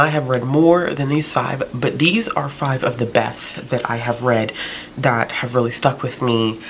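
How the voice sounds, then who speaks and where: A woman's voice: extremely low pitch, a little hiss or hum. A woman book vlogger chatting casually, out of breath, with joking, rambling asides. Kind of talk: casual recommendation vlog.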